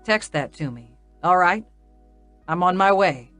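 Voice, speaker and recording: A woman voicing a calm, protective young man who speaks with a smooth, soothing drawl in an audiobook. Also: medium pitch, normal speed, no echo, soft background music, close to an everyday voice.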